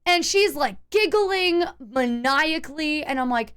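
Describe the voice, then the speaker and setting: A woman streamer telling her chat a tense story in a casual, animated way, full of restarts and fillers. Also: high voice, measured pace.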